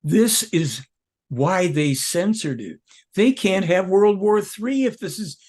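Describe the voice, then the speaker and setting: An older man talks as a guest in an interview, pressing his points hard and circling back to restart sentences. His voice sits a little high for a man and has a husky edge. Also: animated, takes it slowly, a little mellow. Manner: emphatic, rambling, with self-corrections. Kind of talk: conversational interview.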